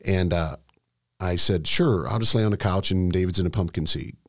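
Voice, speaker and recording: Middle-aged man, deep and gravelly, halting emotional storyteller, dry sound. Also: no room sound. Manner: emotional, halting, many restarts. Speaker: estate planning seminar host, guest. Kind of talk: candid storytelling in conversation.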